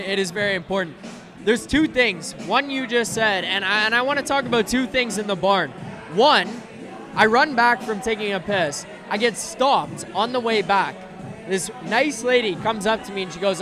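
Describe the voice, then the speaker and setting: A man's voice: high voice, normal speed, music in the background. A man hosting a live hockey post-game show from a bar, talking casually with fillers and restarts. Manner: casual, chatty, filler-heavy. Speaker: host.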